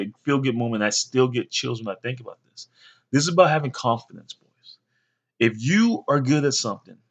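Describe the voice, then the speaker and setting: Young father, rambling casual storyteller, gravelly bright voice, mid pitch. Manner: rambling, many fillers, animated when quoting others. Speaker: father telling stories to his sons.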